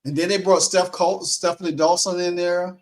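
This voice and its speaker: Guy cohosting a postgame sports stream, kinda high voice, lively, laughs a lot. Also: moderate pace. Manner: animated, laughs easily, acts out quotes. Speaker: sports talk co-host. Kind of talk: casual post-game sports talk.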